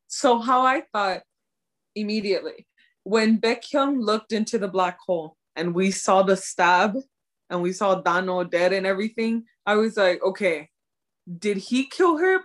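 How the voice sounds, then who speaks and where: A young woman co-hosting a casual chat, talking animatedly about a drama episode and laughing between her thoughts. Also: mid-range voice. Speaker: co-host.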